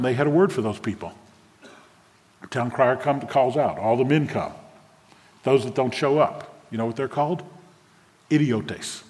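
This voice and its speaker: A man, a pastor preaching a sermon to a congregation, engaging them with questions. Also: medium pitch. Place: church sanctuary with a congregation. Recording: long hall reverb from a church.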